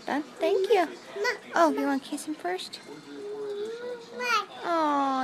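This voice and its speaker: Slow, cooing high-voiced young mother. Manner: sing-song, cooing and praising, repeats words for the child. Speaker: mother filming her toddler. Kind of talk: home video baby talk.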